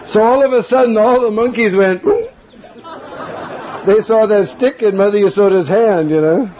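A man giving a sermon as an animated storyteller who often chuckles. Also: sits high, normal speed, highs cut off, a faint crowd. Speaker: spiritual teacher.

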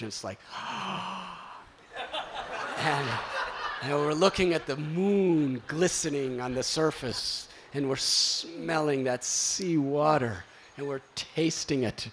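A man telling a story to a gathering, animated and exclamatory as he acts out the sounds. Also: mid-range voice, unhurried, slight background noise. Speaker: spiritual speaker.

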